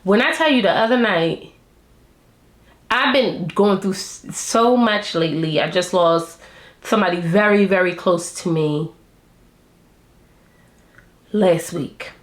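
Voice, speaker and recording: A woman's voice: mid-range voice, takes it slowly, long pauses. A woman vlogger reviewing a reality show, chatting to her viewers in a candid, slangy way and laughing often. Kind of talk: casual chat to camera. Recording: roomy echo.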